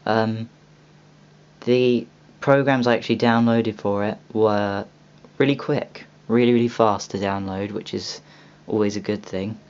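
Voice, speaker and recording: A man's voice: fairly low pitch, steady tone, a little slow, a little mellow. A young man hosting a casual video walkthrough of a game store, rambling with many ums and restarts. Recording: dull lo-fi home recording with faint hiss.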